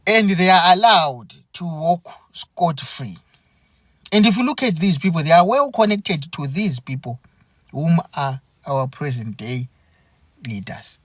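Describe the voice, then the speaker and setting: A man delivers an impassioned podcast monologue, slow and deliberate. His somewhat high voice swings widely in pitch as he repeats phrases and restarts mid-thought. The sound is dry and close. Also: expressive, fairly bright tone, no echo. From Zimbabwe. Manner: earnest and aggrieved, repeating phrases with halting restarts. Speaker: podcast host.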